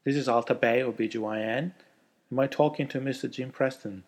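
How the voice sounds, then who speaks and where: A man voicing a formal female clinic secretary in a read-aloud story, flat and businesslike. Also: medium pitch, brisk, natural voice.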